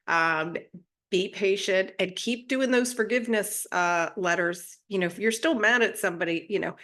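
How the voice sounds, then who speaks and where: A woman's voice: medium pitch, normal speed, a bit bright. A woman hosting a spiritual channel, giving a casual, chatty monologue and often checking in with her listeners. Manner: chatty, often adds tag questions.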